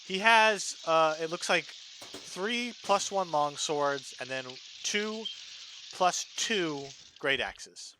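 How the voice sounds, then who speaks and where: A man's voice: on the high side, slow pace, noisy background. A man narrating as dungeon master in a casual tabletop game session, describing scenes with loose fillers.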